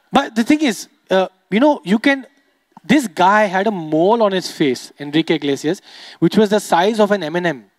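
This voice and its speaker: Young indian guy doing stand-up, very high voice for a man, teases the crowd. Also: normal speed, dry recording, clean studio sound. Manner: animated, teases the audience, switches into voices. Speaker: stand-up comedian. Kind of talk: stand-up comedy.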